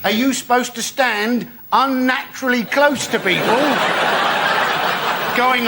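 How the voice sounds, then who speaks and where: A man with a very high voice gives dry, sardonic topical jokes, pushing rhetorical questions at the audience. Heavy noise hangs over the studio recording. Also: takes it slowly, pauses often. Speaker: panel show comedian. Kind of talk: topical stand-up comedy.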